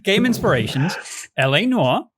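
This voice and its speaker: A man with a fairly high voice hosts a relaxed podcast conversation. He talks wryly, cracking jokes as he reads a submitted pitch aloud. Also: moderate pace, slight background noise. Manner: wry, joking, reads aloud from a script. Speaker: podcast host. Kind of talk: casual podcast chat.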